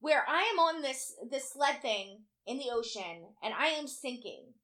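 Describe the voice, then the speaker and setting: A woman co-hosting a casual chat, telling an animated story with heavy swearing and acted-out quotes. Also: sits high, a little slow.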